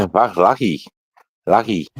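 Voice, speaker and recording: Host voice: low man, very slow and drawn out, reads viewer comments aloud. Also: animated, breathy edge. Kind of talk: casual chat.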